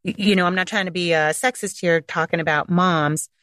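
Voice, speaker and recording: A woman's voice: on the low side, fairly even intonation, moderate pace, fairly bright tone, dry recording. A middle-aged woman hosting a parenting podcast, giving blunt, emphatic advice in a casual monologue. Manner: direct, blunt, emphatic with repetition.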